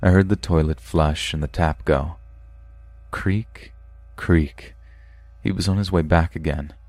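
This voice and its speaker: A man, the host of a podcast, reading a scary true story aloud with steady, measured delivery. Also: a bass voice, no room sound. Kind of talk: horror story narration.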